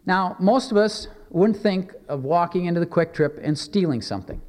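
In a church sanctuary with long, echoing reverb, a pastor delivers a sermon in a somewhat high, slightly mellow voice. He is animated yet earnest and measured, giving slow, emphatic readings of scripture.

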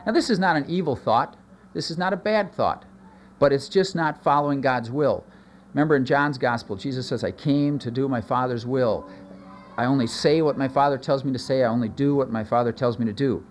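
A man preaching a sermon as a pastor, earnest, his voice rising for emphasis and dropping low in asides. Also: a little fast, slight background noise.

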